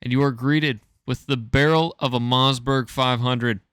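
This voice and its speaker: A man's voice: mid-range voice, fairly even intonation, unhurried, a bit bright, clear, resonant tone, no room sound, clean studio sound. A man co-hosting a podcast, reading a choose-your-own-adventure story aloud and stumbling over words with amusement.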